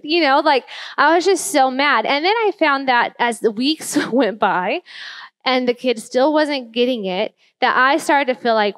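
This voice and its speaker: A woman speaking on a church panel as a parent, telling stories in an earnest, animated way. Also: fairly high pitch, a little slow, no room sound. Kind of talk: candid panel talk. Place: church room.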